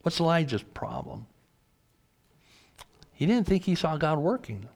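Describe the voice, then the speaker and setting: A man's voice: on the high side, lively intonation, normal speed, creaky, a little mellow. A man preaching a sermon, reading scripture aloud and asking earnest rhetorical questions.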